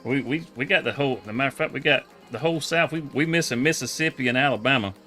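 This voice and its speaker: A man hosting a live stream, chatting casually in a relaxed, rambling way and laughing often. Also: medium pitch, quick pace, faint music behind. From Texas. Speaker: livestream host.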